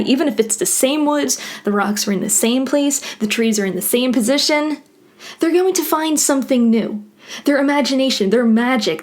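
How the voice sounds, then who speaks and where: A woman's voice: a little high, darkish tone. A woman rambling passionately and profanely in a solo vlog monologue, now and then acting out other people's voices. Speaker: vlogger.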